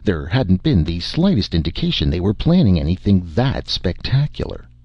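A man's voice: low-pitched, big pitch swings, normal speed, no room sound, highs cut off, heavily acted. A man voicing a gloomy, exasperated alien base commander who overstates everything. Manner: despairing, exasperated.

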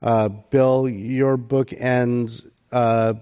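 A man's voice: mid-range voice, little pitch movement, drawn-out words, mellow, smooth. A man moderating a panel on stage before a live audience, asking questions in an easygoing, conversational way with frequent fillers.

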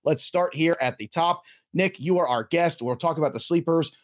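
A man's voice: fairly high pitch, normal speed. Upbeat man hosting a sports podcast. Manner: energetic, joking, promotional. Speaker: podcast host.

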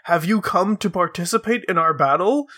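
A man voicing a proud royal snake man in a game, speaking stiffly and formally, pitched a little higher than his own voice. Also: moderate pace, sharp tone.

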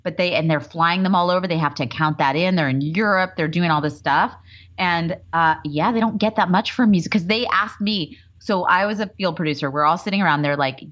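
A woman co-hosting a casual chat, jokey and animated, acting out quotes from a TV show. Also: low voice, fairly quick. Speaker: podcast co-host. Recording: slightly dull lo-fi audio.

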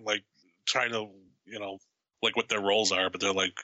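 A man's voice: on the low side, steady tone, normal speed, pushed and bright, no echo, rough recording. A man in a casual film discussion who rambles, swears a lot and acts out lines from the movie.

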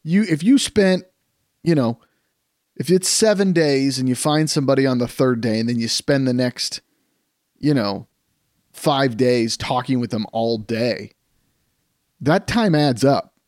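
A man co-hosting a casual podcast, telling stories in an animated, rambling way with frequent restarts. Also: mid-range voice, a little slow, long pauses, no echo, clean studio sound. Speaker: podcast co-host.

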